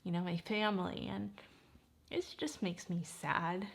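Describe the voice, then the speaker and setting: A woman's voice: lowish voice, lively intonation, measured pace. A woman in her forties chatting casually while doing her makeup, easily sidetracked and close to tears at times. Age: 40s. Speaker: beauty vlogger.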